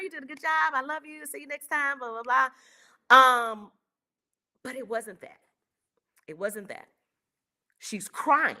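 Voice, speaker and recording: A woman's voice: a little high, bright, forceful tone. A woman hosting her own online show, telling a personal story to her viewers in a candid, emotional way. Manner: candid and emotional, acts out quoted voices.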